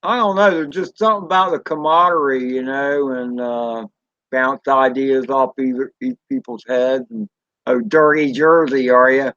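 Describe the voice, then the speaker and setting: A man with a Southern US accent chatting casually on a live stream, rambling and folksy with drawn-out fillers and mild swearing. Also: medium pitch, fairly even intonation, fairly bright tone, no echo, dull audio. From Southern United States. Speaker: drone channel host reading live chat.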